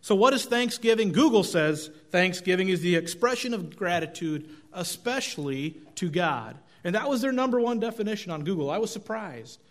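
A man's voice: high-pitched, expressive, moderate pace, few pauses. A middle-aged male pastor giving a conversational, self-deprecating sermon with folksy storytelling.

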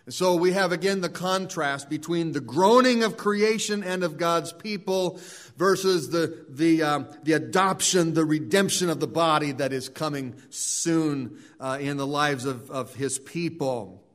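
A man delivers a sermon in an earnest preaching voice that sits a little high for a man. He often repeats words and restarts his phrases as he works through a point. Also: unhurried, a bit bright. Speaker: pastor.

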